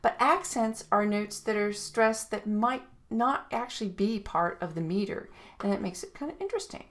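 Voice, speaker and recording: A woman's voice: medium pitch, expressive, normal speed. A woman music teacher narrating a recorded video lecture in a chatty way, scatting rhythms aloud to point out beats. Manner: chatty, scats rhythms with "ba" and "da" sounds.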